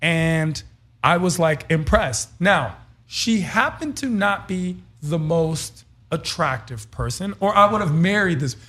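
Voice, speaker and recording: A man co-hosting a casual talk show, telling an animated story and dropping "bro" and "yo.". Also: fairly high pitch, takes it slowly. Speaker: co-host. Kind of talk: casual podcast chat. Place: studio.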